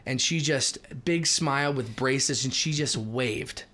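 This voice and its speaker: A man co-hosting a casual faith podcast, telling lively stories and reading scripture aloud. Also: mid-range voice, takes it slowly. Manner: animated storyteller, reads scripture aloud. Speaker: co-host.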